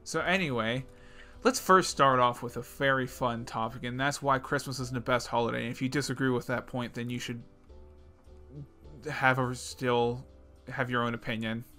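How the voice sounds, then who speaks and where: A young man co-hosting a podcast, making edgy jokes with sarcastic, deadpan asides in casual chat. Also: mid-range voice, moderate pace, soft background music. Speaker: podcast co-host.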